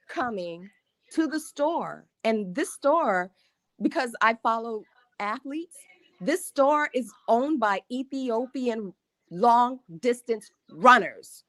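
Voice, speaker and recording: A woman's voice: fairly high pitch, fairly bright tone, no room sound. A woman calling in to a show, telling a story emphatically and emotionally, often laughing. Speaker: caller. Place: Harlem.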